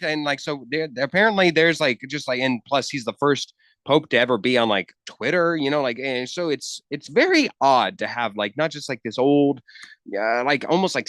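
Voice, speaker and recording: A man's voice: medium pitch, a bit bright, no room sound, studio quality. A man co-hosting a casual sports radio show, filling his talk with "like" and hedges. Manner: filler-heavy, hedging with "like". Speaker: radio co-host.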